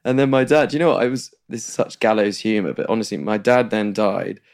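A young man in candid conversation, speaking in a lowish voice with a gravelly edge. He is chatty and self-deprecating, laughing his way through painful memories. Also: fairly quick, darkish tone. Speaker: podcast guest.

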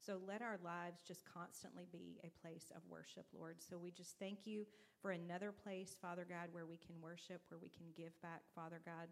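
A woman's voice: lowish voice, flat delivery, moderate pace, gravelly. A woman leading an offering prayer in church, speaking steadily and often repeating "Father God" and "Lord Jesus". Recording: faint background noise.

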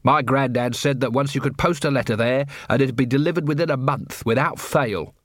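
A man's voice: medium pitch, a little fast, dry recording, close to an everyday voice. A man voicing a dry, world-weary middle-aged watch captain in an audiobook.

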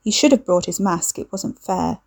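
A woman narrating a novel in an even, measured storytelling voice. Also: lowish voice, gravelly. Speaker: audiobook narrator. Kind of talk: scripted narration.

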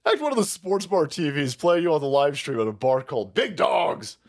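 A foul-mouthed man rants on his own livestream, mocking and cackling as he goes. His voice sits a little high and swings about widely. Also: big pitch swings, fairly quick. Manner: crude, mocking, laughs often. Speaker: livestream host. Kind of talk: profane political rant stream.

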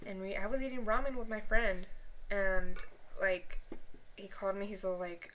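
A woman's voice: medium pitch, normal speed. A young woman on a podcast telling a personal story casually, swearing often and acting out what people said. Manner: swears a lot, animated, acts out quotes. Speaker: podcast co-host.

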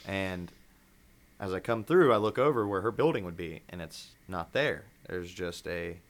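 A man's voice: sits low, expressive, moderate pace. A man telling stories in a loose, casual podcast chat, swearing freely. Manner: laid-back storyteller, swears freely. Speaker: podcast guest.

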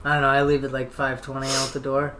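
A man's voice: mid-range voice, monotone, fast talker, fairly bright tone, a little hiss or hum. A man telling a rambling story in casual chat, laughing often and filling his speech with "like".

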